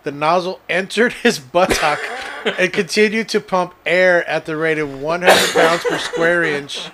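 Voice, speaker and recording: A man's voice: a little high, unhurried, very noisy. A man co-hosting a casual podcast, reading odd news stories aloud and often laughing as he reads. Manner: laughs while reading, playful. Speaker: podcast co-host.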